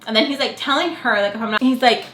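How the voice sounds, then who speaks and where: A young woman vlogger telling a story to the camera in a chatty, animated way, full of fillers. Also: fairly high pitch, fast, a little hiss or hum. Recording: echoey room.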